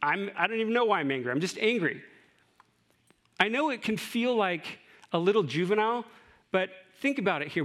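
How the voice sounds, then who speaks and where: A man's voice: high-pitched, a bit bright. A middle-aged man preaching a sermon in a conversational way, with asides and rhetorical questions. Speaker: pastor.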